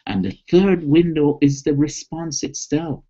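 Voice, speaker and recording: A man's voice: fairly high pitch, steady tone, dark tone, muffled recording. A man presenting a webinar on stress, talking enthusiastically and coaxing listeners through a guided relaxation exercise. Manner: enthusiastic, coaxing, slow and deliberate. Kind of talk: motivational talk with guided relaxation.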